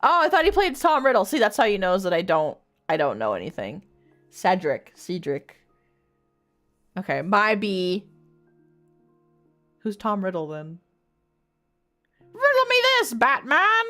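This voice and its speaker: A woman's voice: lowish voice, very animated, unhurried, pauses often, a bit bright, soft background music. A young woman streamer reading bad fanfiction aloud in a casual, mocking way, laughing often and swearing freely.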